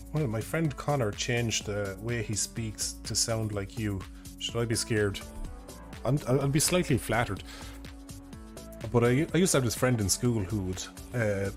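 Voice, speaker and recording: Young Irish man, casual streamer, lower voice, loose and swearing, faint music behind. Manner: rambling, swears casually, laughs often. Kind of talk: casual live-stream chat. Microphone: desk microphone.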